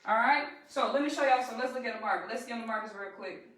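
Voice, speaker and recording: A woman's voice: on the high side, quick pace, a bit bright. A woman with a Southern US accent teaches a live-streamed trading lesson, calling out to viewers as y'all in a chatty, rallying way. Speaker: trading instructor. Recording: echoey room, distant from the mic.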